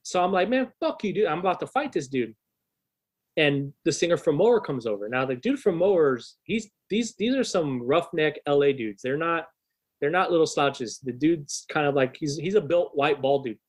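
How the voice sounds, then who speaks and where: On a podcast, a young adult rock musician appears as a guest and spins a long, profane anecdote, rambling casually and restarting often. His pitch is fairly high, his intonation lively, and his pace moderate.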